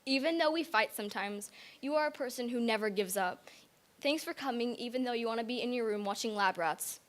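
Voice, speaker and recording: A teenage girl reads her thank-you speech in a synagogue sanctuary, her voice a touch high. She giggles nervously between lines and fights to keep from crying. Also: fairly quick, a little hiss or hum.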